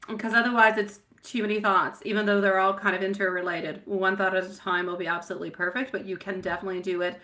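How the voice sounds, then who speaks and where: Bright-toned woman reading tarot on a live stream, chatty, sweetie this, my love that, wanders around a bit. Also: medium pitch, steady tone, brisk. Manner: affectionate, calls viewers sweetie and my love; chatty and meandering, reading out viewer names.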